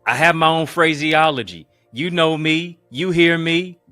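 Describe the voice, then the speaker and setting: A man's voice: a little slow, no room sound, faint music behind. Emphatic preaching male motivational speaker. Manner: emphatic, repetitive and rhythmic, swinging between booming and hushed; addresses live viewers as family.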